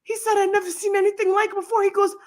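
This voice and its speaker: A woman chatting casually and telling a story, swearing freely, laughing often and dropping her voice low to quote someone else. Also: level tone, very fast. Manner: profane, laughing storyteller, quotes others in a lowered voice.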